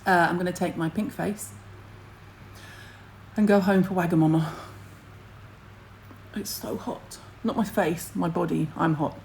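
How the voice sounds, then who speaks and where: A middle-aged woman hosts a relaxed livestream, her voice sitting slightly low. She rambles cheerfully and bluntly, dropping casual swears as she hops between topics. A faint hum of background noise runs under her webcam audio. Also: a little slow, vocal fry, pauses often, rough recording. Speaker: skincare livestream host. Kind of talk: casual livestream chat to viewers.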